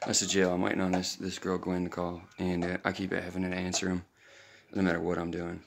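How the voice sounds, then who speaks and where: Gravelly low-voiced man rambling. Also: completely flat delivery, a little fast, a little hiss or hum. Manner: rambling, baby-talks to his puppies. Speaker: vlogger. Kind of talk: casual live-stream chat.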